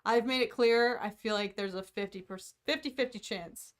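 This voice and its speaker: A woman's voice: fairly high pitch, moderate pace, a little hiss or hum. A woman co-hosting a casual livestream chat who talks freely, hedges her guesses and laughs at herself. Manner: chatty, self-deprecating, hedges often. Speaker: co-host of a fan podcast livestream.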